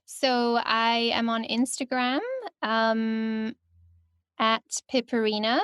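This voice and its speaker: A young Scottish woman chatting casually as an interview guest, giggling often and filling pauses with "um" and "like". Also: fairly high pitch, flat delivery, a bit bright, clear, resonant tone, no room sound, studio quality. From Scotland. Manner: chatty, giggly, full of fillers.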